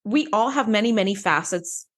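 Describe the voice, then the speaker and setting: A woman co-hosting a casual podcast, recapping an episode in an animated way, laughing often and acting out characters' lines. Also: mid-range voice, normal speed. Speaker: podcast co-host.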